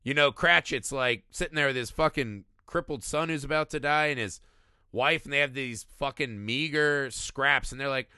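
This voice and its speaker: A man in his thirties co-hosting a casual movie discussion, animated and profane, often acting out quotes. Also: mid-range voice, brisk, clean tone, no echo, clean studio sound. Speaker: podcast co-host.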